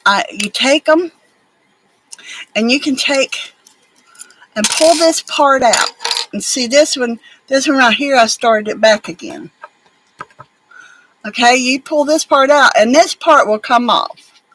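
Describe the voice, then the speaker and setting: A woman's voice: high-pitched, slow pace, pauses often, a bit bright, a little hiss or hum, low-quality recording. A woman, chatting casually and rambling as she works on crafts at home, now and then talking to her pets. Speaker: crafting vlogger. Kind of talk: casual chat while crafting.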